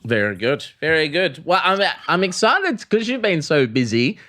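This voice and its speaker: A man's voice: a little high, very animated, normal speed, pushed and bright. A man with an Australian accent, co-hosting a casual comedy sports podcast and teasing playfully. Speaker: comedian co-host.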